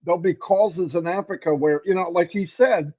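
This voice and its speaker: A man's voice: sits high, moderate pace. A man co-hosting a livestream, joking and teasing in casual chat over a video call. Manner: playful teasing, animated. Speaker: livestream co-host. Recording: muffled video-call audio.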